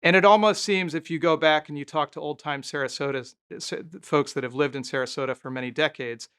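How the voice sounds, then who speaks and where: A man's voice: fairly high pitch, fairly even intonation, fast talker, a bit bright, clean tone. A former mayor, a man, telling candid stories as a guest in a conversational interview. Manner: candid, anecdotal, thinking aloud.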